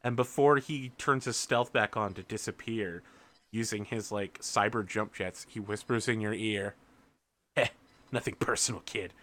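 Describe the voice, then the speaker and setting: A man narrating a tabletop role-playing game as game master, animated and profane, full of fillers. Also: lowish voice, normal speed.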